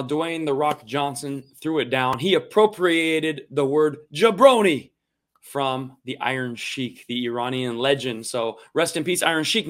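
Comic host, male, wry and joking delivery, slightly higher voice. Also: a bit bright. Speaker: podcast host and comedian. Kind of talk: comedic commentary.

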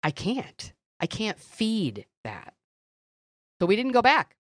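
A middle-aged woman co-hosting a faith podcast, telling stories and teaching in an earnest, animated way. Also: mid-range voice, takes it slowly, no room sound, studio quality. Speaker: podcast co-host. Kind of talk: faith-based conversational teaching.

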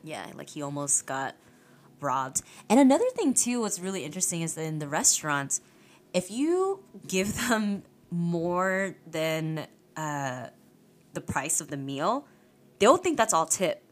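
Casual woman telling animated stories. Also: low voice, measured pace. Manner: animated storytelling with swearing and laughs. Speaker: podcast guest. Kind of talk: casual chat.

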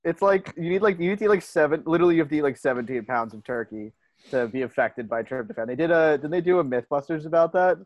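Lively, swearing man telling stories. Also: a little high, fast talker, no room sound, dull audio. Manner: animated storyteller, swears, laughs often. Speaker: podcast co-host. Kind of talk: casual podcast chat.

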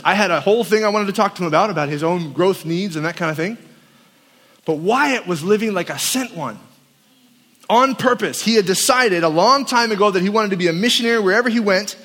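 Male campus pastor, high voice, lively storytelling sermon, echoing hall. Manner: animated storyteller acting out quotes. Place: large hall at a winter camp. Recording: long reverb of a hall.

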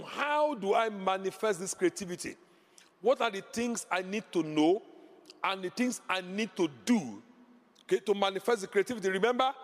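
A man with a high voice preaching a sermon in a reverberant hall. He is emphatic and repeats his key lines over and over, climbing into loud exclamations. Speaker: pastor.

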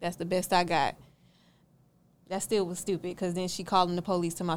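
A woman's voice: lowish voice, level tone, fairly quick, smooth. A young woman, a podcast guest, telling a story in a casual interview and acting out both sides of it. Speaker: podcast guest, car rental owner.

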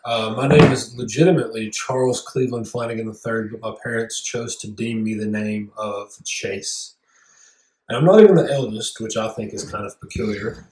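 A man's voice: fairly low pitch, moderate pace, a little mellow, echoey room, recorded from a distance, poor audio. A man with a Southern US accent co-hosting a podcast in casual chat, rambling along with mock-formal wording. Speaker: podcast co-host.

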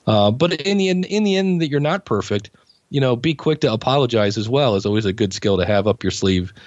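A man's voice: medium pitch, animated, fairly quick, darkish tone, no echo. A man guest on a podcast, chatting casually and rambling through anecdotes, acting out what he said back then. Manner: rambling anecdotes, acting out his own past remarks. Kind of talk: casual storytelling conversation. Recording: dull dry lo-fi audio.

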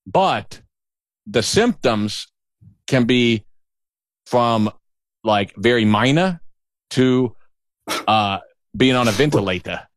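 A man's voice: medium pitch, lively intonation, slow pace, pauses often, dry recording. A middle-aged man telling a story in casual chat, rambling, profane and sarcastic.

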